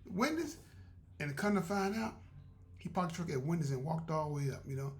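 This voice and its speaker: A man's voice: fairly high pitch, fast. A man hosting a podcast, telling a story in a casual, chatty way, often laughing and acting out what people said.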